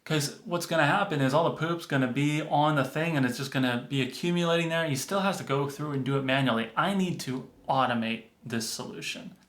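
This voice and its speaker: A man voicing a determined young boy who earnestly thinks out loud. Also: on the high side, fairly quick, few pauses, lightly acted. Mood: scheming. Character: eager, determined young boy seeking approval. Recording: roomy echo.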